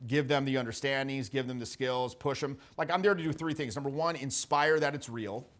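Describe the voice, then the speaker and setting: A man coaching social skills in a casual, animated way, with the odd swear and quick acted-out quotes. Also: mid-range voice. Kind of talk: casual spoken teaching.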